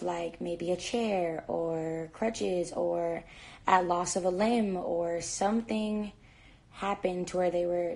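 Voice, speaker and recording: A woman's voice: on the low side, creaky, warm tone. A woman chatting casually on a phone live stream from a hotel room, rambling with lots of "like" fillers while she packs a bag. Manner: talks while packing a bag.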